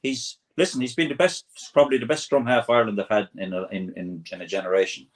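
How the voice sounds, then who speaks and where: A man's voice: fairly low pitch, steady tone, fast. A man on a sports podcast panel, speaking bluntly and with emphasis. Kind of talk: casual podcast chat.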